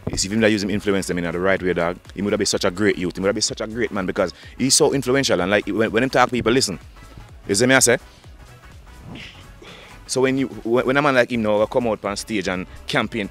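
A man with a Jamaican accent, a dancehall artist talking fast in animated patois in an interview. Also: on the low side. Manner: fast animated patois, frequent "dog" and "you understand".

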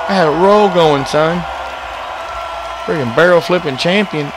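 A young man giving excitable let's-play commentary, yelling and groaning at the game. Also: a little high, a little slow, long pauses. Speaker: gaming YouTuber. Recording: game music and crowd noise behind.

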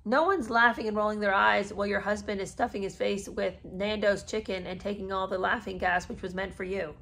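A woman's voice: mid-range voice, steady tone, brisk, vocal fry, a bit bright, a little hiss or hum. A woman podcast host, a mother of three, reads a memoir aloud and breaks off into sarcastic, incredulous asides. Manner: sarcastic, incredulous asides between read passages. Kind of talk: reading a memoir aloud with commentary.

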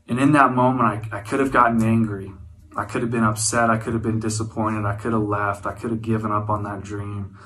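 Earnest man telling his story, bright voice. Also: lowish voice, level tone, fast, low-quality recording. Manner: earnest, reflective storytelling with frequent restarts. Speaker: guest speaker, former wildland firefighter. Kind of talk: personal testimony speech.

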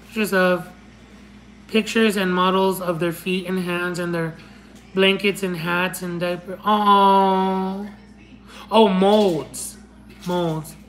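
Her voice is on the low side and steady, slow with frequent pauses, and the poor audio carries some hiss or hum. This young woman, a native Spanish speaker, hosts a casual stream, fondly reading fan messages, calling people honey and my love, rambling, restarting, and laughing.

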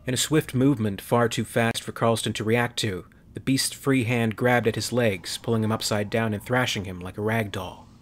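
A man narrating a science-fiction story in a measured, dramatic way. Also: on the low side, steady tone.

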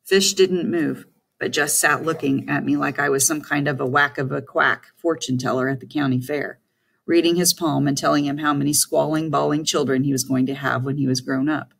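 A woman's voice: sits low, moderate pace, gravelly, breathy edge. A woman narrating a first-person story as an audiobook, reading in a storytelling manner. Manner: first-person storytelling, lively voiced dialogue.

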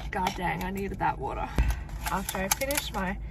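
A young Australian woman chatting casually to camera while running errands, self-mocking and swearing now and then. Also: medium pitch. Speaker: vlogger. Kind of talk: casual vlog chat. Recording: clear car and road noise.

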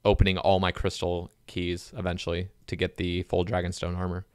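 A man hosting a casual gaming podcast, talking in a relaxed, rambling way. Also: deep voice, a little fast, clean tone, no echo, studio quality. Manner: relaxed, rambling with many "like" fillers. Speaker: podcast host.

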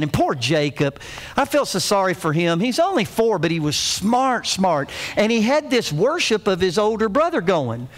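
A man's voice: high-pitched, very animated, normal speed. A middle-aged man preaching a sermon as pastor, telling a family story in a folksy, humorous way.

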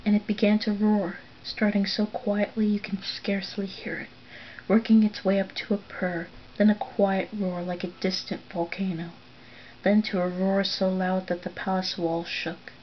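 A woman reading a story aloud, softly and often near a whisper. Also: medium pitch, little pitch movement, normal speed, muffled recording, a little hiss or hum. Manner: soft, often drops to a whisper for narration.

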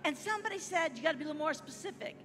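Animated high-voiced American woman preaching. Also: very fast. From United States. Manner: animated, leads call-and-response. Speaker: guest missionary preacher. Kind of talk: sermon. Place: large church hall. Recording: church hall reverb with music.

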